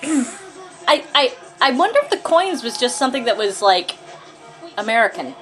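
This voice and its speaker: High-voiced woman riffing wryly. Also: very animated, moderate pace, fairly bright tone, faint music behind. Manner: wry, talkative, riffing jokes. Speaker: co-host reacting to a TV episode. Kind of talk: casual chat over a playing episode.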